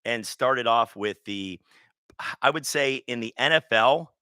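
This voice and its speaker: A man's voice: mid-range voice, unhurried, pushed and bright, clean tone, no echo. A man hosting a casual sports talk show, rambling and joking with plenty of restarts. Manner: rambling, jokey, with lots of restarts.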